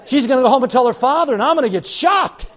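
An older man from Chicago, a pastor telling a self-mocking personal story in an animated storytelling sermon. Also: extremely high pitch, fast talker. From Chicago, USA.

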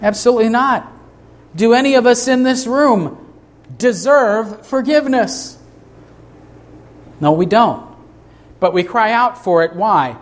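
A man's voice: extremely high pitch, expressive, unhurried, pauses often. A man preaching a sermon to a congregation in a church, emphatic, asking rhetorical questions. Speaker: pastor.

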